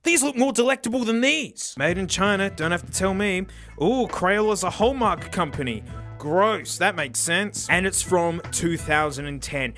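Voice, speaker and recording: Aussie guy roasting some gadget he's unboxing, high bright voice, music under it. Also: normal speed. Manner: sarcastic, animated, bursts into shouts and laughs. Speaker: tech reviewer. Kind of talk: comedic unboxing review.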